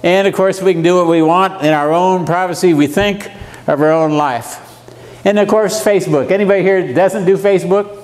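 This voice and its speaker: A man in his seventies with a drawl teaches a Bible lesson to a congregation. His voice sits somewhat high for a man. He keeps the tone folksy, throwing questions and jokes out to the listeners. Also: normal speed, a little mellow, a little hiss or hum. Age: 70s. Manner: joking, asks the audience questions. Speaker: seminar speaker.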